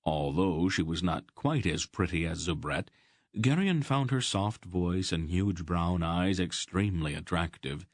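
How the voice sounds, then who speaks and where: Deep-voiced man narrating an audiobook. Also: dry recording, studio quality. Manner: measured, expressive storytelling.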